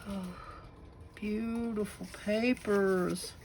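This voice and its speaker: Slow-talking Southern woman gushing softly. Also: mid-range voice, steady tone, rough recording. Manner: gushing, admiring, slow and soft-spoken with breathy asides. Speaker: craft channel host. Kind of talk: casual unboxing show-and-tell.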